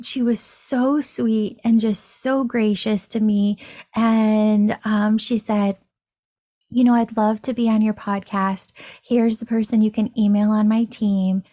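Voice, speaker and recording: A woman in her thirties, a podcast host, telling a personal story in an animated, excitable way. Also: fairly high pitch, slow, no echo, clean studio sound. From Florida. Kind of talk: casual storytelling monologue.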